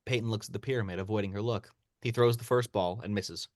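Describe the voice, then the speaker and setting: A man reading a screenplay's action lines aloud as narrator, in steady read-aloud narration. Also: lowish voice, quick pace, no echo, studio quality. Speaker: narrator of stage directions.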